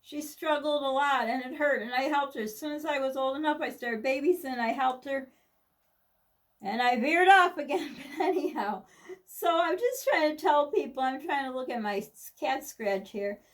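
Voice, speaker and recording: A woman's voice: sits high, expressive, moderate pace, distant mic. A middle-aged woman from the United States, talking candidly and rambling in a personal vlog, with many restarts and asides. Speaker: vlogger.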